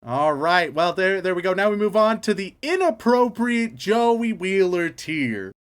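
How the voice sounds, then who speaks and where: A man's voice: sits high, lively intonation, a little slow, smooth. A man co-hosting a podcast in casual comedic chat, teasing his partner as he runs a game segment. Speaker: podcast co-host.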